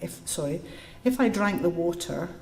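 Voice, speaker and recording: A woman's voice: fairly low pitch, moderate pace, vocal fry. A woman giving a public lecture to a live audience and answering questions, telling stories and explaining step by step. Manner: lively storytelling, explains step by step. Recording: echoey room.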